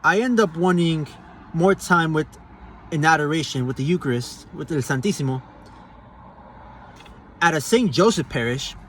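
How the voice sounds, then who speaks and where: A man's voice: on the high side, normal speed, pauses often, fairly bright tone, a little hiss or hum. Earnest young-sounding man telling a story. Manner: conversational and earnest, casual slang, frequent fillers and restarts. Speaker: Catholic giving a personal testimony. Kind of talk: casual spoken testimony.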